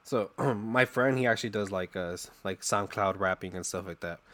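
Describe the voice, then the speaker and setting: A man's voice: fairly low pitch, normal speed, a bit bright. A young adult man talking through a voice changer, chatting as a streamer guest in a laid-back, rambling way full of fillers. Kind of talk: casual interview chat.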